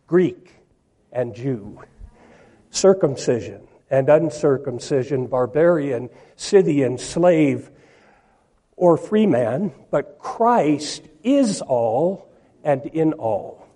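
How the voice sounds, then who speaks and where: Slow-speaking preacher, a man with a mellow voice. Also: fairly high pitch, animated. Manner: slow, emphatic, reads scripture aloud. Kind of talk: sermon.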